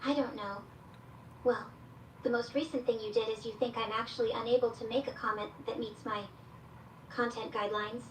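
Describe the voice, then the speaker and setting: An exasperated female AI chatbot, voiced by a woman, talks in a fairly high voice, reading out her own stage directions before each reply. She plays through a speaker, and the sound reaches the mic from across an echoey room with faint room noise underneath. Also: steady tone, a little fast, lightly acted. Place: played through a speaker in a room, picked up by a security camera. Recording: echoey speaker audio caught from far off.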